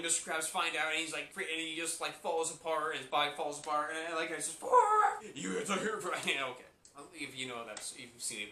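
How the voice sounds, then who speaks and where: A man hosting a casual review, talking in an excitable, rambling way full of restarts and fillers. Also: fairly high pitch, echoey room, a little hiss or hum. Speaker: host.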